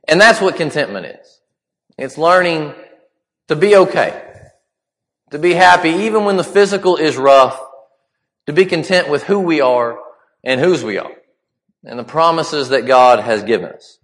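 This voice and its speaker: A man delivering a sermon in a conversational, halting way with frequent restarts. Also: on the high side, fairly bright tone. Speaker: preacher. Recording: long hall reverb.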